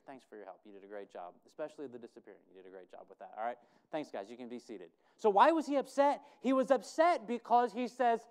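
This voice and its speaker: A man's voice: on the high side, expressive, quick pace, a little mellow, clear, resonant tone. A man preaching a conversational sermon, putting questions to his congregation and thinking aloud. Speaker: pastor.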